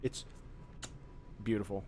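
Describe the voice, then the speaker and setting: A man giving let's play commentary as a gaming streamer, excitable and profane, gushing over every detail. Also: slow, slight background noise.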